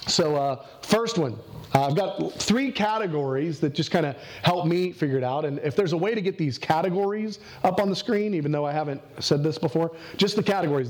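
A man's voice: fairly high pitch, darkish tone. A man preaching a casual, earnest sermon, talking with plenty of fillers. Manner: conversational and earnest, with many fillers. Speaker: pastor.

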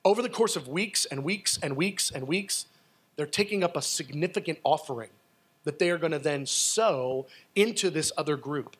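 A man preaching a sermon and telling personal stories in a casual, animated way. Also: a little high, normal speed, slightly rough. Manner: animated, excitable storytelling; casual, conversational with fillers.

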